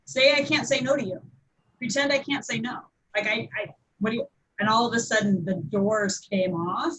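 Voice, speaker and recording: A woman hosting a casual community panel discussion, talking with enthusiasm and animated emphasis. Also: mid-range voice, husky, low-quality recording. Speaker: host of a community webinar.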